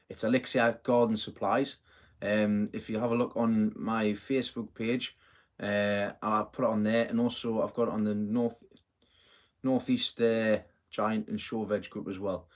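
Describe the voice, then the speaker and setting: A man's voice: on the low side, steady tone, a little slow. A middle-aged man hosting a casual live stream, chatting in a rambling way, full of fillers and self-corrections. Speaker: host of a live gardening stream.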